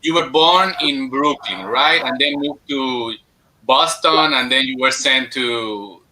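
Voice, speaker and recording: A man's voice: mid-range voice, slow, pushed and bright, rough recording. A man hosting an interview show, playful and chatty, easily switching between two languages. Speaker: podcast host. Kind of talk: casual interview chat.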